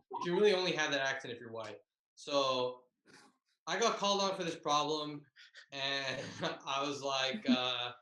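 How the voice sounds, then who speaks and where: A man's voice: medium pitch, bright, forceful tone, echoey room, low-quality recording. A young man and comedian telling a tag-team story in a loose, profane, self-mocking way over a video call. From Bay Area, California.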